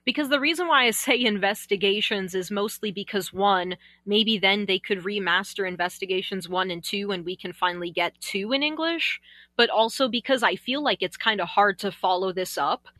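A woman chatting casually on a podcast, gushing excitedly and exclaiming as she talks about a game. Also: medium pitch, moderate pace, no room sound.

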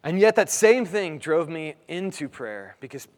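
A man's voice: a little high, very animated, measured pace, big-room sound. A man in his thirties, a pastor, preaching a sermon in a conversational way, full of rhetorical questions.

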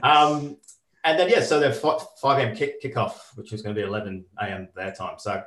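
A man from the north of England with an Australian-tinged northern English accent, an energetic, jokey guest in a casual interview. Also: mid-range voice, a little fast. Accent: northern English with an Australian influence. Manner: energetic, jokey, laughs often. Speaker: podcast guest, corporate educator. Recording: roomy echo.

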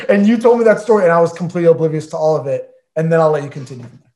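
A man with a slightly raised pitch tells a story in a playful, emphatic way. He acts out his own reactions, and his voice rises and drops sharply when he does. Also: very fast, warm tone. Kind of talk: casual storytelling chat.

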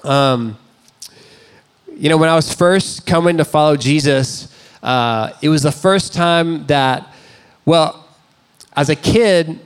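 A man's voice: a little high, slow, long pauses, clean tone. A man in his thirties, a pastor, preaching a sermon in a conversational, self-deprecating storytelling way. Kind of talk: sermon with personal stories.

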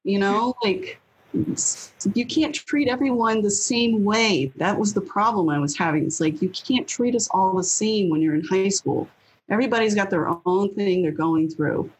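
As an interview guest, this New Hampshire woman in her thirties tells casual stories bluntly, swearing freely and performing her own past lines. She has a medium pitch and moderate pace, with slight background noise on a low-quality recording.

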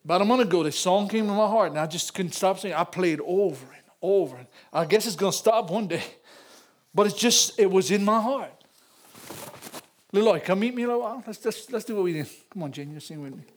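An older man preaching in a church, emotional, repeating phrases and rising to loud peaks. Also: high voice, lively intonation, a little fast. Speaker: pastor. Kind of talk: sermon.

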